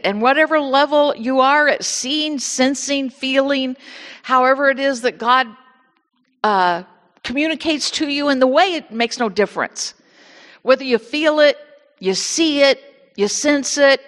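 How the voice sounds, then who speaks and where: A woman with an Indiana accent, leading a lively prayer and sermon in a church sanctuary. Her voice sits high and bubbles with excitement, full of repeated words. It rings out with a long hall echo. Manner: exuberant, repeats words, laughs often. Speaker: minister leading a church service.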